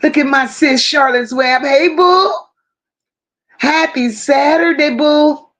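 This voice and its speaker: A woman hosting a casual livestream, greeting viewers one by one and reading their chat messages aloud. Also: sits high. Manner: warm drawn-out greetings, reads chat aloud. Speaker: livestream host.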